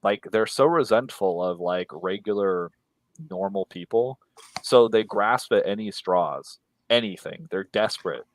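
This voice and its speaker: A man's voice: on the low side, a little slow, no echo. A man co-hosting a casual livestream chat, blunt and profane, with a mocking edge when he sums up other people's views. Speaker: co-host.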